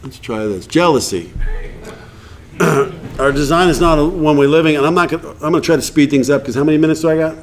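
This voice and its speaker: A man in his fifties tells his story to a recovery meeting, candid, humorous and blunt, acting out the quoted dialogue. His voice is a little high and his pace quick, with a slight hiss or hum in the recording.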